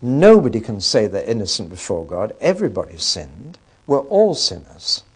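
A man quoting a gentle, pious old sage. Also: lowish voice, huge pitch swings, normal speed, slightly rough, exaggerated voice. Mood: gently pleading. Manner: gently pleading, sure of himself.

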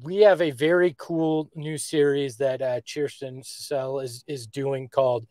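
A man's voice: medium pitch, fairly even intonation, a little slow, mellow, no room sound. A man co-hosting a sports podcast, chatting casually and joking around. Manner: jokey, does character voices. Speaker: podcast co-host.

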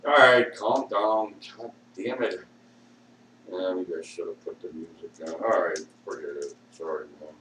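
A man ranting in a rambling way with constant swearing, swinging between shouting and low muttering, recorded at home. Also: unhurried. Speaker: vlogger. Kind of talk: rambling profane rant. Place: at home with a dog. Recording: echoey room, distant mic, faint hiss.

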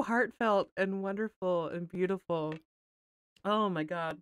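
A woman game streamer chatting casually while tearful and crying, talking in an emotional, halting way and laughing through her tears. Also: on the low side, clean tone, no echo. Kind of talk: casual livestream chat.

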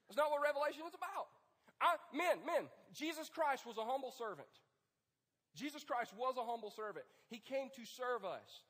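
Male pastor, high voice, animated joking sermon, hall echo. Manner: animated, joking, preaching to men. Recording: long hall reverb.

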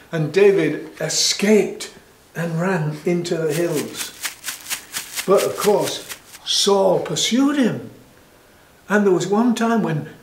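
A man telling a Bible story to children in a lively, animated way, with frequent restarts. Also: a little high. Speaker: church storyteller. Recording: echoey room.

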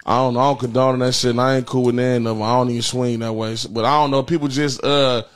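A man hosting a call-in comedy show, ranting crudely and taking calls, brash and profane, jumping into high squeals for effect. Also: flat delivery, quick pace. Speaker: host of a call-in prank show.

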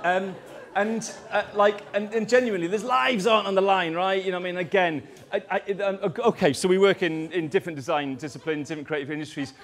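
A man's voice: high voice, steady tone, fast, a bit bright. A man giving a conference talk, rambling and self-deprecating, with jokey asides. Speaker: conference speaker.

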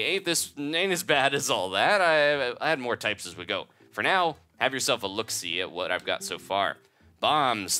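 Chatty bomb shop guy, some dude reading him, bouncy folksy sales pitch, faint game music. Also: pushed and bright. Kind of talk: reading game dialogue aloud.

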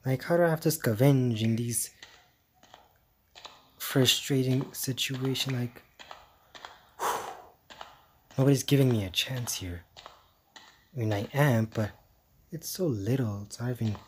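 Man, let's-play commentary, jittery and fed up, unhurried delivery, faint background hiss. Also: mid-range voice. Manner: jittery, exasperated muttering with hushed asides. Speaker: gamer playing a horror game.

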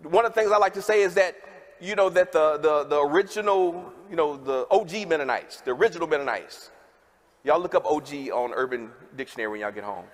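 A man's voice: on the high side, brisk, slight background noise. A man preaching a sermon in a large worship hall, folksy and calling out to the congregation. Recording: long hall reverb.

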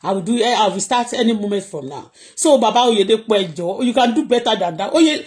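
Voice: mid-range voice, lively intonation, fast. Chatty Nigerian-accented live-stream blogger. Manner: chatty, laughs often, switches languages freely. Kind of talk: casual live-stream commentary. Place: at home in Canada.

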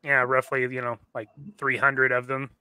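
A man co-hosting a livestream who chimes in with quick joking asides. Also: mid-range voice, completely flat delivery, sharp tone, clear, resonant tone, dry recording.

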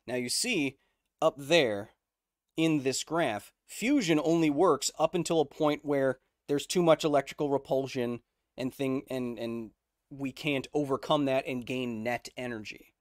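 A man's voice: medium pitch, unhurried, no echo, studio quality. A man hosting a casual livestream, explaining science conversationally, checking in with viewers and answering their chat messages. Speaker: host.

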